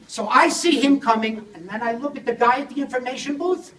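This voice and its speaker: A man giving a comic, theatrical storytelling keynote on language learning, animated and at times shouting. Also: very high voice, a little fast. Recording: echoey hall audio from a distant mic with audience.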